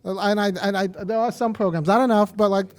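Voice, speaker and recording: A man's voice: sits high, steady tone, fast talker, a little mellow. A man hosting a panel, speaking in a wry, casual way and laughing between points. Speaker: panel host.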